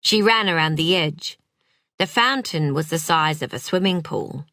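A woman narrating a novel with an expressive, dramatic delivery. Her voice is bright and forceful, and she reads at an unhurried pace. The close studio recording is completely dry. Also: low voice, no room sound. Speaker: audiobook narrator. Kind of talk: scripted narration.

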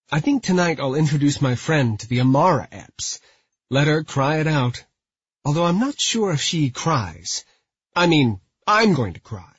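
A man's voice: medium pitch, husky, no echo. A man narrating a novel in the first person with a dry, wry tone. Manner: dry, wry inner monologue. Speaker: audiobook narrator. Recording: slightly muffled dry recording.

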